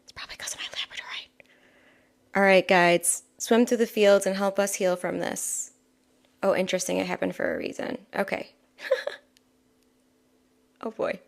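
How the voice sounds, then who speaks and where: A woman giving a live-streamed spiritual oracle reading, talking softly and chattily with many fillers and asides. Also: medium pitch, fairly even intonation, a little slow, gravelly, pauses often.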